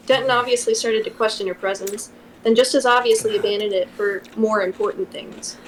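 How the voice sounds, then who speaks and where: A woman's voice: mid-range voice, steady tone, fairly quick, slight background noise, poor audio. A woman streamer reads a novel aloud at her microphone and breaks off now and then with wry asides. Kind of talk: casual reading aloud on a livestream.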